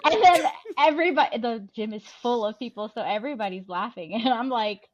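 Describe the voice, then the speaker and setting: A woman's voice: fairly high pitch, fairly quick, highs cut off, a crowd in the background. A woman telling a story in a bashful, self-mocking way in casual podcast chat.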